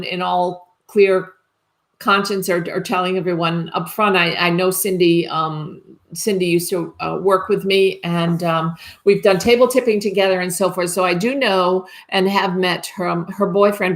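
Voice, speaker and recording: A woman working as a psychic medium, giving a live reading in a tentative, reassuring way and often checking whether she has things right. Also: mid-range voice.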